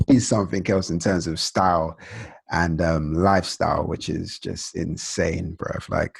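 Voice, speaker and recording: Low gravelly man, casual host. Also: steady tone, unhurried. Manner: slangy, loose, lots of fillers. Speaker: podcast host. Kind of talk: casual interview chat.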